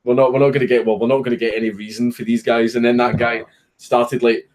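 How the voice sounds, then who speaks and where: A man's voice: mid-range voice, flat delivery, quick pace, darkish tone. A young Scottish man, a streamer, casually telling a story with lots of swearing and laughing at his own punchlines.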